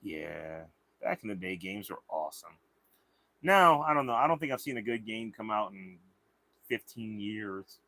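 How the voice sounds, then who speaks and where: A man's voice: lowish voice, animated, normal speed, bright, forceful tone. Rambling, swearing livestream host, a man. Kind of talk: casual chat.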